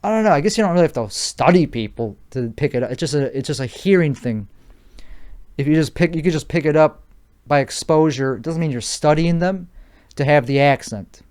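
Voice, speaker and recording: Brisk and animated, the man's voice sits on the high side with a smooth, darkish tone. He hosts a solo podcast in a fake Chicago accent, overtired and sleep-starved, rambling profanely, picking arguments, and repeating himself.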